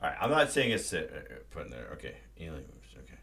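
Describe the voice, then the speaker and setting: A man's voice: a bass voice, sing-song, fast talker, vocal fry, fairly bright tone. A man hosting a live stream, ranting casually and profanely about a movie. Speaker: livestream host.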